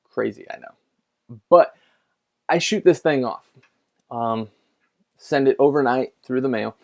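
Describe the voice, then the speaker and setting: A man's voice: mid-range voice, slow, creaky. A middle-aged man, a pastor, telling a story in a casual conversational sermon, chatty with lots of fillers and restarts.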